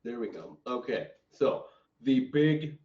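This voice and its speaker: A young man hosting an online improv show in a laid-back, unhurried way, announcing the games and handing out prompts over a video call. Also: medium pitch, expressive. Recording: distant, dull, echoey video-call audio.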